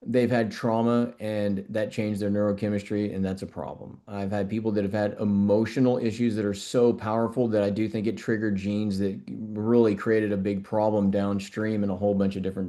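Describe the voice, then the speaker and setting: A man's voice: on the low side, warm tone. A middle-aged man, a doctor being interviewed, talking earnestly and repeating words as he thinks. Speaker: functional medicine doctor, guest. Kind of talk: conversational interview.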